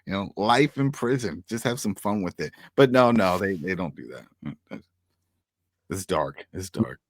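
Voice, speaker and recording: A man's voice: low-pitched, lively intonation, normal speed, no room sound. A man co-hosting a TV recap show, tossing in jokes and musing aloud with hedges. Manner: joking asides, musing and hedging. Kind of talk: casual TV recap chat.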